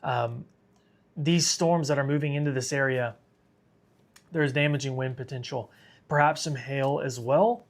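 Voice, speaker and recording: A man's voice: mid-range voice, steady tone, unhurried, long pauses. A man hosting a live severe weather stream, tired and sick, talking casually and reading viewer comments aloud. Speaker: weather livestream host.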